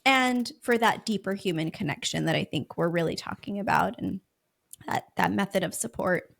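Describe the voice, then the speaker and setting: A woman podcast host in a casual conversation, affirming and animated as she responds. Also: mid-range voice, moderate pace, creaky.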